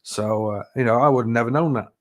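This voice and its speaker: A man's voice: medium pitch, fast. A man telling stories in a casual chat, rambling and swearing freely with lots of "you know". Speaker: live chat host.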